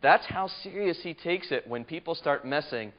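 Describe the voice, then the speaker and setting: A man's voice: fairly high pitch, animated, normal speed. Emphatic male Bible study teacher. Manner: conversational, questions the class, emphatic. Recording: muffled lo-fi lecture recording.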